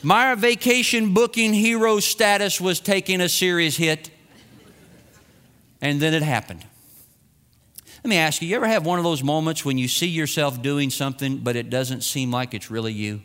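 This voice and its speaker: A man's voice: fairly high pitch, normal speed, fairly bright tone, clean tone. A middle-aged man telling a self-mocking, humorous personal story to an audience. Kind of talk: personal anecdote told to an audience. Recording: long reverb.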